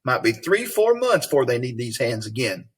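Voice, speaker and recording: A man reading aloud as a worried, earnest working mother from a storybook, his voice raised and husky. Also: mid-range voice, big pitch swings, moderate pace.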